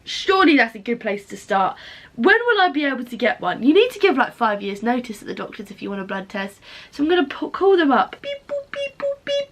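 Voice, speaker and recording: A woman's voice: fairly high pitch, big pitch swings, quick pace. A young woman chatting casually in a confessional vlog, rambling and self-mocking. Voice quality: tearful. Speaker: vlogger.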